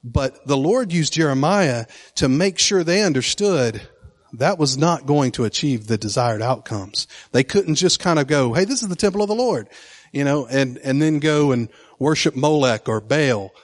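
A man's voice: mid-range voice, measured pace. A man teaching from the Bible in a casual, enthusiastic way, with frequent fillers and restarts. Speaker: preacher.

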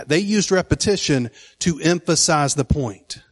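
A man's voice: mid-range voice, expressive, unhurried. A man teaching from the Bible in a casual, enthusiastic way, with frequent fillers and restarts. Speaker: preacher.

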